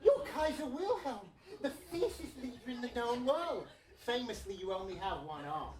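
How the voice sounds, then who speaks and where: A woman voicing a swooning, lovesick male emperor in a comedic audio play, breathy, giggly and flirtatious. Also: a little high, very animated, moderate pace, darkish tone, reverberant.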